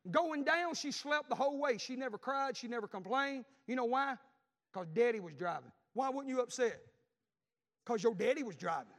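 A middle-aged man with a Southern US accent preaching a sermon, telling a family story and repeating lines as he swings from loud to hushed. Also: very high-pitched, lively intonation, moderate pace.

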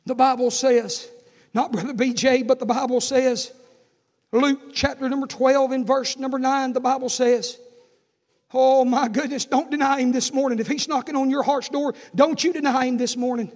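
A man preaching a sermon as pastor, building to shouted emphasis. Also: extremely high pitch, level tone, normal speed, long reverb tail. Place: church hall.

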